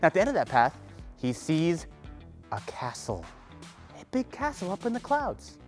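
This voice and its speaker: A woman with a low voice tells a children's story and walks the listeners through each movement. She encourages them, calling out what to do next. She keeps it simple and upbeat for young kids. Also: wildly swooping pitch, moderate pace, soft background music. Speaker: kids' movement instructor.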